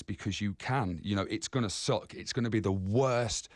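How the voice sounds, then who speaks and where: Earnest low-voiced man on radio. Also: no room sound, studio quality. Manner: earnest, repetitive, halting. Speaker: guest. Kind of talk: radio interview.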